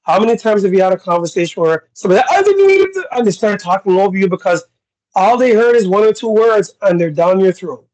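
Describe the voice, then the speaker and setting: Blunt high-voiced Canadian man. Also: a little fast, poor audio. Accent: Canadian English. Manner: blunt, animated, acts out quoted exchanges. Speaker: podcast co-host. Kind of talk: casual podcast chat.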